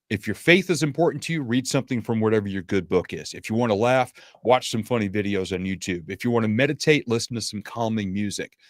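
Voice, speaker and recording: A man speaking as a podcast guest and motivational speaker in casual interview chat, with a smooth radio-announcer delivery. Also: fairly low pitch, dry recording, studio quality.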